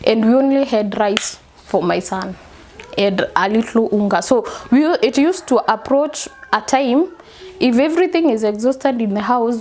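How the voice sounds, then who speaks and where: A woman's voice: a little high, darkish tone. Young Kenyan woman telling her story. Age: young adult. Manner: mixes in Swahili phrases, halting and repetitive. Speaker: interviewee. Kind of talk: personal testimony.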